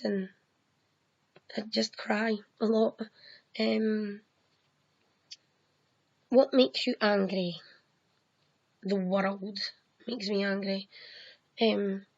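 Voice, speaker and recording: A woman in her thirties talks slowly to camera, her voice gravelly with fry. She pauses on frequent ums and swears bluntly now and then. The home recording sounds dull and lo-fi. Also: medium pitch. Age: 30s. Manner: halting, frequent ums, swears when heated. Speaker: vlogger. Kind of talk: answering questions to camera.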